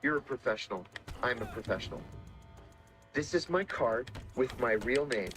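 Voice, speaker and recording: A middle-aged man, a former intelligence officer, telling stories in a measured, dramatic way and acting out the quotes. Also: mid-range voice, lively intonation, a bit bright, soft background music. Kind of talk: storytelling interview talk.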